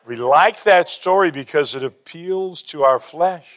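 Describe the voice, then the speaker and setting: High-voiced, bright-toned male preacher. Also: measured pace. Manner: storytelling, rising to emphatic bursts. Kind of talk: sermon.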